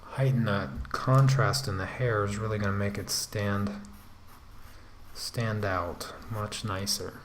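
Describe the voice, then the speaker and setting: Male artist-host, unhurried, lowish voice, rambling livestream commentary from his home drawing desk, with a faint hum behind him. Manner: relaxed, rambling, talks to himself while working; self-deprecating asides with frequent restarts. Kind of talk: casual running commentary while drawing on a livestream.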